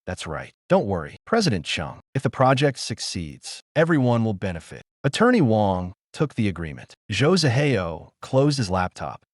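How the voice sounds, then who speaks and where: A man reading a dramatic story aloud, voicing every character in one steady narrating voice. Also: on the low side, moderate pace, hardly any pauses, no room sound, studio quality.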